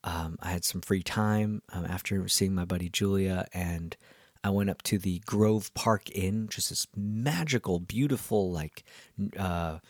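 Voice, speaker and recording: Speaking a little slowly in a low, darkish voice, the podcast host and musician rambles casually through his week's stories with plenty of ums and restarts. The recording is dry and studio quality.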